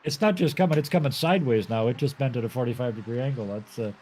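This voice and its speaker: A man's voice: medium pitch, fast talker, darkish tone, slight background noise, rough recording. A man from Canada commentating a sim race live, chatty and laughing often.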